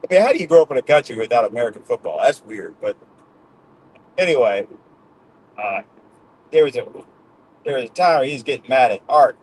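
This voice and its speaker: A man's voice: mid-range voice, expressive, fairly quick, pauses often, darkish tone, breathy edge, poor audio. A middle-aged man hosting his own show, talking to his audience in a loose, rambling way, laughing often and tagging "man" onto his sentences. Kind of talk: casual rambling monologue.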